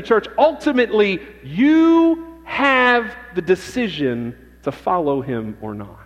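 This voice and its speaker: A man preaching a sermon to his church, emphatic and repeating key phrases for emphasis. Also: sits high. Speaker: pastor. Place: church sanctuary. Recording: dull lo-fi with long church reverb.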